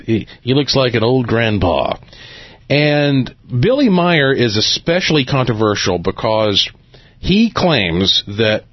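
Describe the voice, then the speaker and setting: A man hosting a late-night radio talk show in a chatty, relaxed way, laughing often, talking into a studio microphone. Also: mid-range voice, no room sound, muffled recording.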